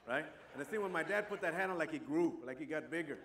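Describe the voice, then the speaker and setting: A man's voice: a little high, expressive, fast, slight background noise. Man with a Chicano English lilt. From Compton, California. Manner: warm, rambling, many asides like "you know" and "right". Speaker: speaker. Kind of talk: personal storytelling talk.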